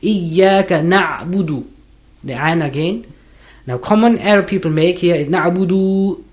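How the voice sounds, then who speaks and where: A man teaching Quran recitation one-on-one for listeners, patiently correcting common errors and slowly drawing out the recited verses. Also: high voice. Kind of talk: one-on-one pronunciation lesson. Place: recorded lesson for listeners.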